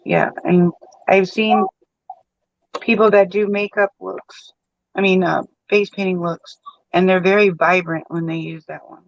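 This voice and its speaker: A man's voice: high-pitched, fairly even intonation, a little slow, vocal fry, dry recording, lo-fi sound. A man chatting casually while face painting, rambling with lots of fillers.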